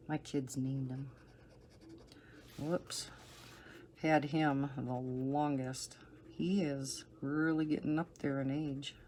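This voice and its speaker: A middle-aged woman with a low, soothing voice, chatting casually and rambling with soft laughs while she colors. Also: slight background noise. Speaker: coloring channel host.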